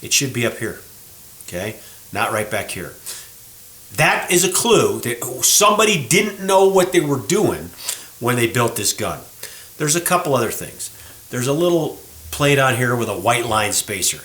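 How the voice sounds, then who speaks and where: Guy hosting a gun show, lively up and down voice, kinda echoey room, chatty and folksy. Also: medium pitch, normal speed. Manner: folksy, animated, talks to viewers as folks. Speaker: show host, gunsmith shop owner. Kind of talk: casual explanatory chat. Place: gun shop workroom.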